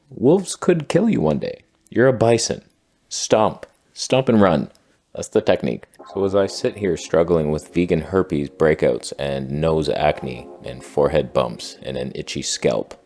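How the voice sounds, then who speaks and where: A man delivering a deadpan satirical monologue in a mock-earnest, sarcastic tone. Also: low voice. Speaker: satirical commentator.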